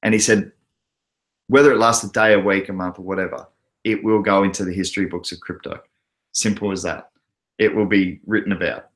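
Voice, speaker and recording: A man's voice: low voice, steady tone, brisk, fairly bright tone. An Australian man hosting a casual crypto livestream, chatting loosely and laughing often as he reads out viewer comments. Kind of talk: casual live chat reading comments.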